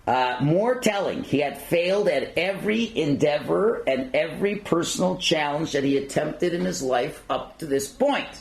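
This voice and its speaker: A man's voice: fairly high pitch, lively intonation, moderate pace, gravelly, hardly any pauses, rough recording. A man lecturing at a synagogue learning centre, reading passages aloud and then commenting in his own words with fillers. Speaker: rabbi lecturer.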